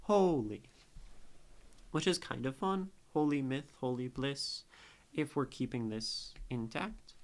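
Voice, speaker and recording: A young man on a live stream who critiques poetry and muses aloud, often pausing and restarting his sentences. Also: a little high. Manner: musing, thinks aloud with restarts.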